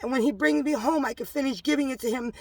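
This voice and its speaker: A woman, rambling emotionally about her faith from inside a parked car, mixing loud bursts with hushed asides. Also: high-pitched, fast, creaky. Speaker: religious vlogger. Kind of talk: casual spiritual testimony to camera.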